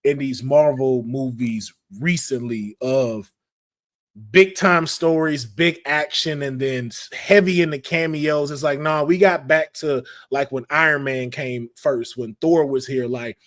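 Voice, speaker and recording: A man hosting a casual podcast chat, talking in slangy, animated bursts and acting out quotes in playful voices. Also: medium pitch, unhurried. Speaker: podcast host.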